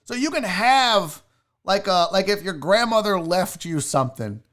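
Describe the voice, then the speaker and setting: A man's voice: sits high, expressive, unhurried, a bit bright. A man hosting a casual show, telling a personal story and swearing now and then. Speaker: sports show host.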